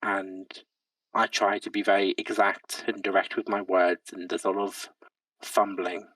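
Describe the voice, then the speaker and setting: A man's voice: low-pitched, level tone, a little slow, fairly bright tone, no echo. Hesitant man, distant mic. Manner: hesitant, lots of ums and restarts, laughs easily. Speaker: player and podcast guest. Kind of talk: reflective casual chat. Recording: dry sound from a distant mic.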